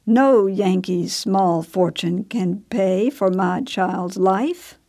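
A woman voicing a proud, sharp-tongued mother who speaks in a snapping, withering way. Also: medium pitch, slow. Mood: fierce.

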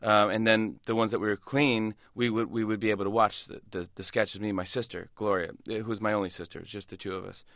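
A comedian and talk show host, a man, telling animated stories as a guest in a radio interview. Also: fairly low pitch, no room sound, studio quality. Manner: animated, quick storyteller with restarts and laughs. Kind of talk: casual storytelling interview.

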